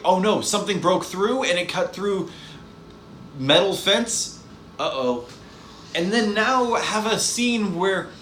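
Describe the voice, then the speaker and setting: A man's voice: on the high side, a bit bright. A man ranting casually in a movie review vlog, exasperated and rambling, often repeating his words. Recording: echoey room, faint background hiss.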